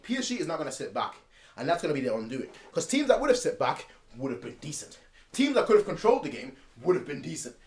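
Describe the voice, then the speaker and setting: A man's voice: high voice, a bit bright. A man hosting a football fan channel, giving a casual match preview in an emphatic, slangy, repetitive way.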